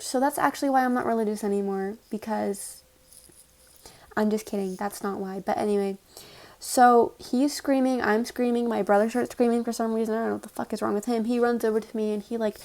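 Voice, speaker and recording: A woman's voice: a little high, a little mellow. A young woman telling a casual storytime vlog, sarcastic and swearing freely. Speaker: vlogger.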